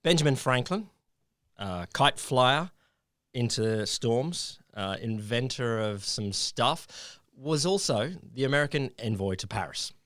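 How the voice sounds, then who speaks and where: Lively man telling a story. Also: medium pitch, measured pace, dry recording, studio quality. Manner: animated storyteller, stumbling restarts. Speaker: podcast co-host. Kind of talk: casual podcast chat, reading a historical essay aloud.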